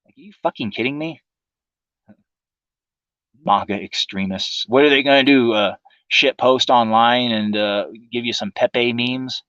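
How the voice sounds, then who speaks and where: A man's voice: medium pitch, fairly even intonation, normal speed, fairly bright tone, smooth, no echo, dull audio. A man hosting a livestream, delivering a profane, sarcastic political monologue in a casual ranting manner. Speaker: livestream host.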